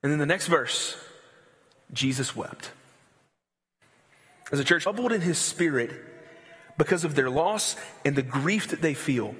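Man, preacher, casual sermon, lively slangy delivery, slightly high voice, reverberant hall. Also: unhurried, long pauses. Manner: casual and animated, slangy asides. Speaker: pastor.

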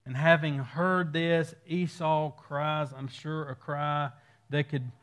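A man preaching an expository sermon, with a voice high for a man. He moves through the passage verse by verse, reading aloud and then explaining. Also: fairly even intonation, slow pace, a bit bright. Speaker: pastor.

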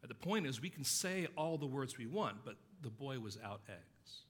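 A man preaching a sermon as pastor, earnestly stressing key words and dropping his voice low to tell stories. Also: sing-song, moderate pace, a bit bright, big-room sound. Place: church sanctuary.

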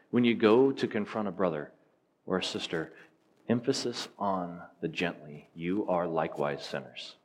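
A man preaching a sermon, teaching in an earnest, emphatic way and asking rhetorical questions. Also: low-pitched.

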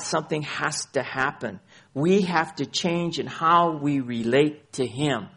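A man's voice: medium pitch, expressive, slow pace, creaky, fairly bright tone, slightly rough. A man preaching a sermon as pastor, citing scripture by chapter and verse and repeating phrases for emphasis.

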